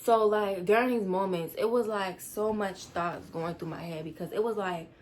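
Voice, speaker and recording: A teenage girl telling a storytime vlog, rushed and rambling as she tries to calm down. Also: medium pitch, slight background noise. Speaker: vlogger.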